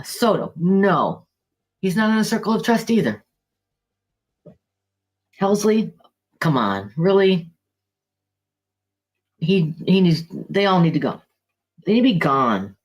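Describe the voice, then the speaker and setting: A woman co-hosting a casual sports podcast, ranting in a heated, exasperated way and swearing freely. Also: on the low side. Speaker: podcast co-host.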